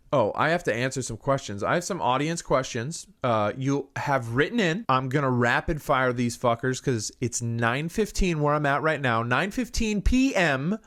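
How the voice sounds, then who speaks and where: A man hosting a comedy show, ranting sarcastically and crudely, then answering listener questions. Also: mid-range voice. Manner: sarcastic and crude, swinging between mock-cynical and excited. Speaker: podcast host. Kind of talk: comedic political rant and listener Q&A.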